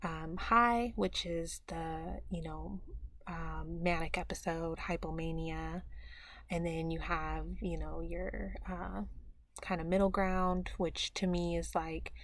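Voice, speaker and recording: A young woman talking quietly in a personal video diary, feeling low and tired, hesitant and pausing with many fillers. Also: fairly even intonation, no echo. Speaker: vlogger.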